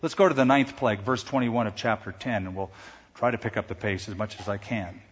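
A middle-aged man preaching a sermon to a congregation, slowing down and raising his voice on the words he stresses. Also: on the low side, husky. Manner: emphatic, slows and lifts his voice on key words. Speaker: pastor. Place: large church sanctuary. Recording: dull sound with long hall reverb.

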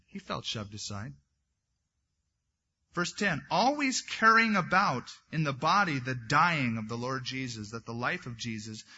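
A man's voice: mid-range voice, bright, forceful tone, husky, muffled recording. A man preaching a sermon as a pastor, reading scripture aloud and then breaking into conversational asides.

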